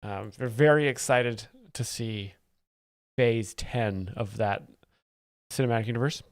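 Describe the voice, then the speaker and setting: A man's voice: mid-range voice, measured pace, slight background noise. A young man hosting a comedy live stream, explaining jokes in an ironic, fake-earnest, rambling way. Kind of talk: mock-expert comedy commentary.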